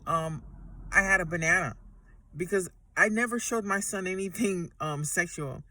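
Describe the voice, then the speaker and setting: A woman's voice: lowish voice, moderate pace, bright, forceful tone. A woman ranting emotionally to her camera from inside a parked truck, agitated and swearing heavily, often repeating herself. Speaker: vlogger. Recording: voice somewhat far from mic.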